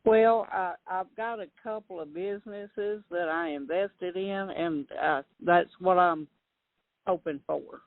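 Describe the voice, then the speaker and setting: A woman's voice: lowish voice, slow pace, no echo. Southern woman caller on a phone line. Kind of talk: call-in radio chat. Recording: dry tinny phone line.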